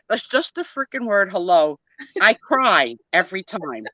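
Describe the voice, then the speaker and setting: A woman's voice: mid-range voice, very animated, a little slow, pushed and bright, no echo. A middle-aged woman with a New Jersey accent, chatting animatedly as a guest on a live stream and laughing often. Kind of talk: casual chat. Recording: dull lo-fi stream audio.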